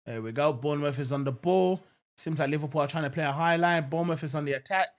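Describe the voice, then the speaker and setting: A young man hosting a live football watchalong, commentating on play and chatting casually with viewers, with lots of fillers and sudden excited outbursts. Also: a little high, quick pace. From England. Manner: casual, repeats phrases, lots of "um" and "I'm not gonna lie"; jumps to excited exclamations at near-misses. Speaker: live match watchalong host.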